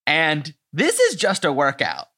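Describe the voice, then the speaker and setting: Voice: mid-range voice, wildly swooping pitch, measured pace, pushed and bright. A podcast host chatting casually, enthusiastic and loose, with frequent fillers and swearing.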